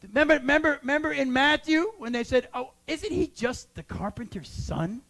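A man who is a church pastor, preaching a sermon and building to shouted exhortations. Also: extremely high pitch, lively intonation, moderate pace.

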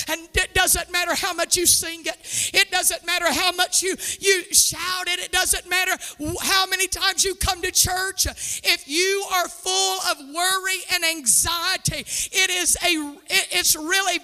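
A woman pastor preaching a sermon with a sing-song cadence, rising to bursts of shouting and laughing now and then. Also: very high voice, steady tone, measured pace, in a large hall, faint music behind. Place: church sanctuary.

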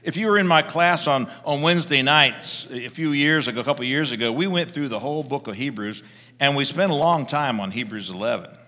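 Lively preacher guy telling stories, bright voice, lots of restarts, big church echo. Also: medium pitch, fairly quick. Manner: animated, conversational, with frequent restarts. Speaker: pastor. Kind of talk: sermon with storytelling.

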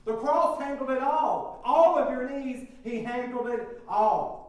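A man's voice: extremely high pitch, a little slow, low-quality recording. A middle-aged male pastor, preaching a sermon with rising emphasis and repetition.

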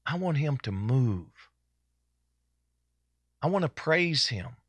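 A man's voice: medium pitch, big pitch swings, slow, fairly bright tone, husky, no room sound. A man preaching a sermon at a church service. He is fervent and folksy and hammers his points home by repeating them. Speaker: pastor.

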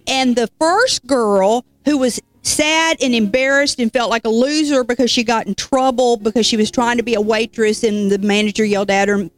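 A woman preacher telling a story in an animated, folksy sermon, with casual asides to the congregation. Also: fairly high pitch.

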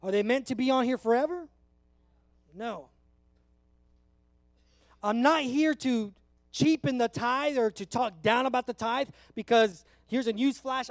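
Man, thirties, from California, very high voice, dry close sound, earnest conversational sermon. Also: dry recording. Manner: earnest, conversational, emotional at times. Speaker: pastor.

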